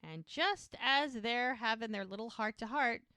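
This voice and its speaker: Woman, podcast co-host, casual recap, smooth clear voice, dry close sound. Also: a little high, measured pace, no echo. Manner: retells scenes with quoted lines, lively.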